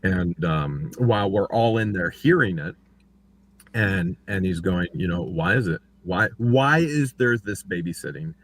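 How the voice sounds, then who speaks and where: A man talking casually about his own court case, acting out what others said with big jumps in voice. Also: a little slow. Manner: animated, acts out quotes with big pitch jumps. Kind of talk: casual livestream chat.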